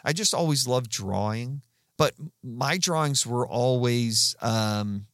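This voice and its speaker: A man's voice: mid-range voice, slow, fairly bright tone, no room sound, studio quality. A man in his fifties casually telling rambling stories about his career as a guest, with fillers and restarts. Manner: chatty, rambling anecdotes with frequent fillers and restarts. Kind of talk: casual storytelling.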